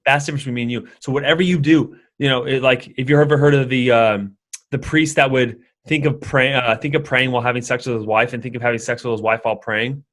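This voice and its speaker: A young man chatting casually as a podcast guest, his pitch sitting in the middle range. He rambles and circles back, trips over his own phrases and leans on fillers as he tells a story. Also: steady tone, quick pace. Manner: rambling, full of fillers and restarts. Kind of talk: casual conversation.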